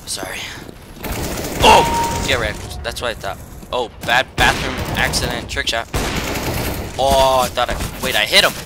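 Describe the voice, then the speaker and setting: Game gunfire sounds behind a young YouTuber as he plays a shooter at home and jokes around casually. He frequently yelps and laughs, with a mid-range voice at a moderate pace.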